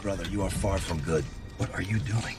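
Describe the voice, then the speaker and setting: An actor playing a sardonic, unflappable government agent who talks in a dry, mocking way. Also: male voice, deep voice, a little fast, over music. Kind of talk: film dialogue. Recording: noisy film clip audio.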